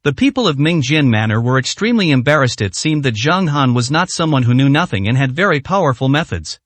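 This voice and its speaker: A man reading a translated martial arts serial story aloud in a steady storytelling manner. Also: medium pitch, fast, no room sound. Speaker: narrator. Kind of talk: scripted story narration.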